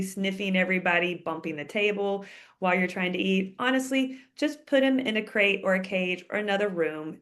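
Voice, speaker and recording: A woman veterinarian with a mid-range, slightly bright voice answers viewers' questions in a chatty, casual advice Q&A. She often finishes her sentences with "okay?".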